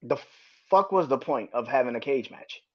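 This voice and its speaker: A man's voice: medium pitch, animated, normal speed. Profane ranting man on a lo-fi mic. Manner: profane, ranting, repetitive restarts. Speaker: podcast host. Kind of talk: solo wrestling review podcast.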